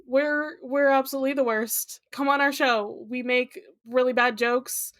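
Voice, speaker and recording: A woman with a high-pitched voice co-hosts a casual podcast. She reads listener posts aloud in a playful, joking way. Her voice is recorded close and dry. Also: steady tone, a little slow, fairly bright tone, dry recording. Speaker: podcast co-host.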